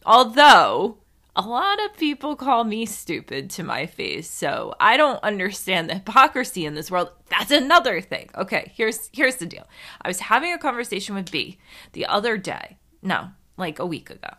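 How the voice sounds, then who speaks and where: Big pitch swings mark the mid-range, bright and forceful voice of a woman running her own podcast. At normal speed she chats casually, wandering off topic, mocking herself and swearing a bit.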